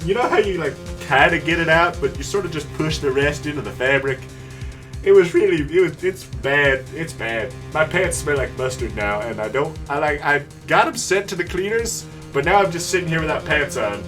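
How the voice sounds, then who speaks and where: A man voicing a bumbling, rambling elderly judge in a creaky old-man voice, with game music behind. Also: on the high side, lively intonation, normal speed, a bit bright, far from the mic.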